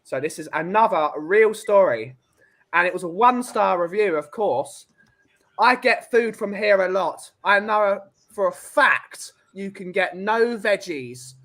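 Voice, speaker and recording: A man's voice: high voice, lively intonation, unhurried, a bit bright. A man hosting a casual podcast, reading out reviews and quizzing his guests. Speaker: podcast host running a quiz segment. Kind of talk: casual chat.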